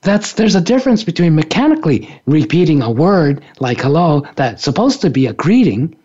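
A man's voice: on the high side, big pitch swings, a little fast, mellow, breathy edge, lo-fi sound. A man, an author and spiritual teacher, giving a playful, reflective talk on a radio show and laughing often. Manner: playful, laughs often, acts out little scenes.

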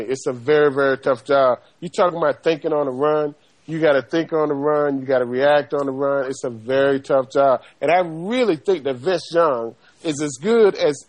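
Emphatic Southern man talking sports. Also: fairly high pitch. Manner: emphatic, folksy, repeats 'man'. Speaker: co-host. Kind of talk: sports radio talk.

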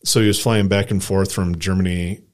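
A man's voice: low voice, steady tone, normal speed. A man in his forties from Colorado, co-hosting a podcast and telling a long, rambling anecdote full of "like" and acted-out quotes. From Colorado, USA. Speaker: podcast co-host. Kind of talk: casual storytelling chat.

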